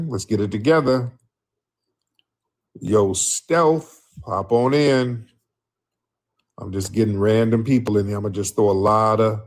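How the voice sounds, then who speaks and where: A man hosting a live call-in show with an American South background, bringing callers on and teasing them with blunt disbelief. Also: fairly low pitch. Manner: teasing, incredulous, talks over callers. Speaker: host. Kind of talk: casual live call-in chat.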